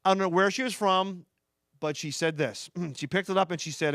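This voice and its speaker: A man with a Philadelphia accent doing a stand-up comedy set before a live audience, talking fast and rambling with restarts and asides to the crowd. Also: high-pitched, animated, a bit bright, no echo, studio quality.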